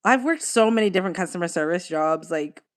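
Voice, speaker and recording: A woman's voice: fairly low pitch, expressive, fairly quick. A young woman, chatting casually with viewers on a live stream, laughing often and swearing now and then. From Australia.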